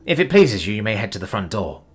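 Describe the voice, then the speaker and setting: A man voicing a gruff woman chauffeur who speaks formally and a little awkwardly. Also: fairly low pitch, sing-song, fast, soft background music. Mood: earnest.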